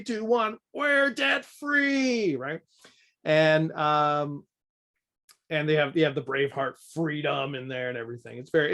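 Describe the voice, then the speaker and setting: A man from Canada teaching a budgeting course in a casual, candid, self-deprecating way. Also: fairly high pitch.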